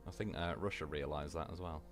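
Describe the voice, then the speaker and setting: A man's voice: extremely low pitch, steady tone, quick pace, faint music behind. A young man livestreaming a game, chatting casually and rambling through anecdotes, swearing freely. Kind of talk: casual chat while gaming.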